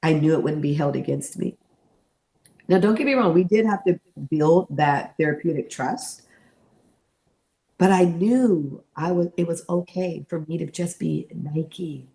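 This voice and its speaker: A middle-aged woman, an interview guest, telling a personal story in an animated way and acting out the voices she quotes. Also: low voice, a little slow, creaky.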